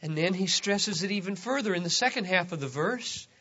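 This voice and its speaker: Emphatic male preacher, high lively voice, slow and bright, dull lo-fi recording. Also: slightly rough. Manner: emphatic, repeats key words, swings between loud stresses and quiet drops. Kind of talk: sermon.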